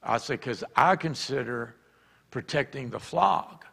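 A man preaching a sermon, telling stories and acting out shouted quotes. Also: mid-range voice, a little slow, vocal fry, slightly rough. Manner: animated, acts out shouted quotes. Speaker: pastor. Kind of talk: sermon storytelling. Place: church. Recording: church hall reverb.

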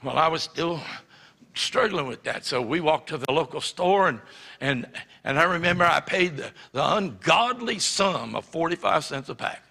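Brief: male pastor, raspy bright voice, lively testimony from the pulpit, reverberant hall. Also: on the high side, normal speed. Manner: animated storytelling, acts out quotes. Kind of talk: sermon testimony. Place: church sanctuary.

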